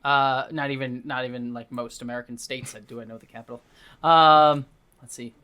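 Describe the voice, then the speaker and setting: A man's voice: medium pitch, steady tone, a little fast, bright, forceful tone, clear, resonant tone. A man hosting a comedic dramatic reading, breaking in with sarcastic, exasperated asides. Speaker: host.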